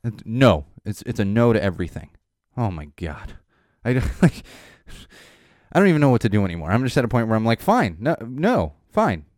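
A man in his thirties hosting a podcast, rambling casually and laughing as he talks, sometimes mimicking a child in a high voice. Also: lively intonation, a little fast, long pauses, darkish tone, dry recording, clean studio sound. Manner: rambling, self-interrupting, laughing. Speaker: podcast host. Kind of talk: casual chat.

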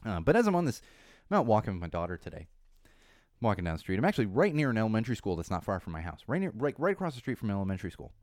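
Fast, fired-up ranting podcast host man. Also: lowish voice, very animated, a little mellow, no echo, studio quality. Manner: rambling, indignant ranting. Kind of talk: casual podcast monologue. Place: Los Angeles.

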